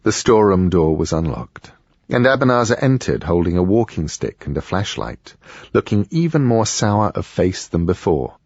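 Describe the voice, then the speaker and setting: A man narrating an audiobook in a measured storytelling manner. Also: deep voice, sing-song, a little mellow, no room sound, muffled recording.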